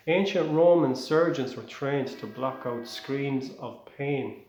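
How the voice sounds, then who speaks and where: Rambling Irish comedian, echoey room. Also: male voice, mid-range voice, slow. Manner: rambling, self-interrupting, excitable. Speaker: stand-up comedian. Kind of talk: comic storytelling.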